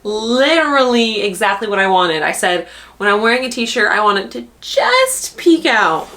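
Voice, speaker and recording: A woman's voice: medium pitch, very animated, normal speed, bright, forceful tone. A young woman vlogging in a bubbly, rambling, casual way, with lots of fillers. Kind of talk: casual chat.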